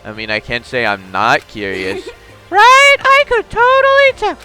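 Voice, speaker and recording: A playful teenage girl who likes to keep secrets, speaking in a sing-song falsetto pitched very high. A man puts her on while playing a game. Her tone is bright and lilting. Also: huge pitch swings, measured pace, faint music behind, exaggerated voice. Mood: teasing. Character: coy teasing teen girl.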